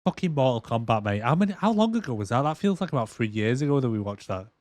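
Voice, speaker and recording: A man co-hosting a casual movie review podcast, animated and swearing a lot as he acts out movie lines. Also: medium pitch, quick pace, dry recording. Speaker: podcast co-host.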